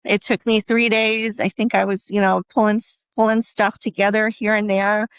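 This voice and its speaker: A woman giving emotional personal testimony as an interview guest, speaking earnestly and haltingly with many restarts. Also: medium pitch, flat delivery, smooth, no echo.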